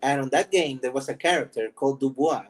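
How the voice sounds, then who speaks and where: A man with a medium-pitched voice talks fast over poor-quality audio. Hosting his own vlog channel, he chats casually, rambles, laughs a lot and jokes about himself.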